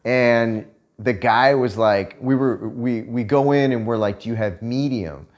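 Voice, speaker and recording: A man vlogger telling stories in a casual chat, profane and animated, laughing as he tells them. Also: mid-range voice, measured pace.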